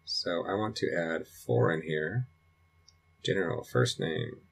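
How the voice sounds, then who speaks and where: A middle-aged man with a low, husky voice talks through a screen tutorial at home. He thinks aloud as he clicks and rambles along with plenty of restarts. The delivery is loose and conversational. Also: expressive, slow pace. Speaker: dad recording a computer tutorial. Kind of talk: casual screen-recording walkthrough. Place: home in Colorado.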